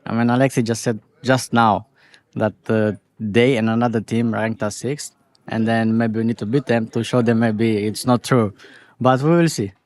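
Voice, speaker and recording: A man's voice: medium pitch, fairly even intonation, moderate pace, darkish tone. A man, a pro player, answering interview questions in a hesitant, plain way.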